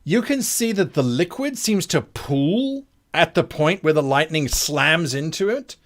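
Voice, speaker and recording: A man narrating a tabletop game as game master, describing scenes in slow detail. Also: a little high, lively intonation.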